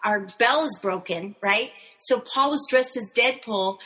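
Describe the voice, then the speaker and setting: A middle-aged woman chatting casually on a panel, animated and telling stories with frequent laughter. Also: on the high side, measured pace, soft background music, low-quality recording. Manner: animated, storytelling, laughs often. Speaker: panel guest, puppeteer.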